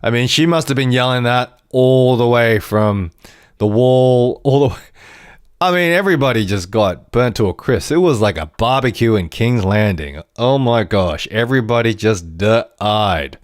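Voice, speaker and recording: A man hosting a podcast, reviewing a TV episode in an animated, rambling way with frequent restarts. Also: medium pitch, moderate pace, no room sound, studio quality. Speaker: podcast host.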